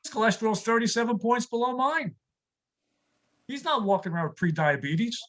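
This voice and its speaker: Older guy from new york, high voice, stand-up jokes, wry one-liners on a stage mic. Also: a little fast, a bit bright, rough recording. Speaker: stand-up comic. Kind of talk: stand-up comedy set.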